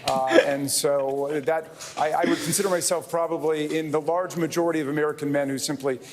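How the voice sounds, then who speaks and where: An older man answering in a television interview, with dry wry humor and halting speech full of fillers. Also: fairly high pitch, fairly even intonation, long reverb tail. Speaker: congressman interviewee.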